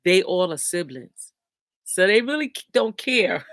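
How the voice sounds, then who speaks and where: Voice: medium pitch, big pitch swings, a little slow, fairly bright tone, no echo. A host reading out viewer comments and giving casual motivational talk with scripture, repeating key lines with emphasis.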